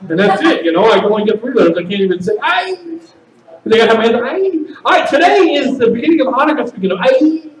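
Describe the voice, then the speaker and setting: A man performing stand-up comedy at a party, with loud, animated shouted bits. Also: very high-pitched, rapid-fire, few pauses, reverberant, far from the mic, background noise.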